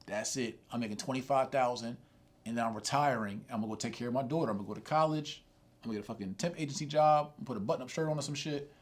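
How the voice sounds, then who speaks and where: A middle-aged man telling a streetwise, profane story from his life as a sermon, dropping low and quiet, then rising loud and high. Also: fast talker.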